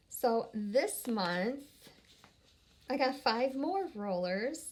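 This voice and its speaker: Slow, chatty woman unboxing at home. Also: on the high side, expressive, a little mellow, a little hiss or hum. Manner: chatty, rambling, trails off and restarts mid-sentence; bubbly and upbeat. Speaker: vlogger. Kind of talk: casual unboxing chat.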